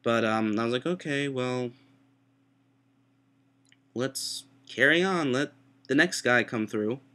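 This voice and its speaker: Young man, sick, sore throat, rambling, self-mocking, webcam vlog, mid-pitched voice. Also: normal speed, pushed and bright. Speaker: vlogger. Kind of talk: casual storytelling.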